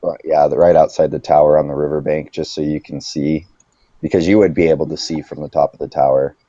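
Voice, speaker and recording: A man with a deep, mellow voice runs a tabletop game, narrating in a relaxed, chatty way full of little fillers. His voice comes through a dull, lo-fi mic with a dry sound. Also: quick pace, no echo. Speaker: game master.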